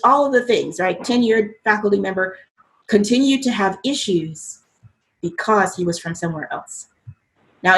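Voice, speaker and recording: A woman from the United States speaks as an interview guest, her voice sitting at an ordinary middle pitch. She tells a reflective story at a conversational pace, often pausing on ums and restarting her sentences. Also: fairly bright tone, rough recording.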